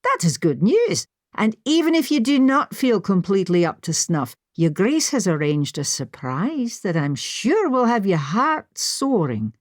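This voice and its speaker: A woman's voice: mid-range voice, big pitch swings, measured pace, hardly any pauses, dry recording, clean studio sound. Woman reading attentive young maid, polite and reassuring, lilting storybook voice. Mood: solicitous.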